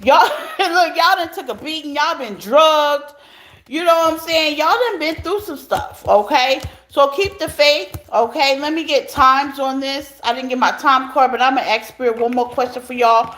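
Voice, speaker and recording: A woman's voice: high voice, normal speed, fairly bright tone. A woman reading tarot live for her viewers, chatty and talking straight to them. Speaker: tarot reader. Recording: echoey room.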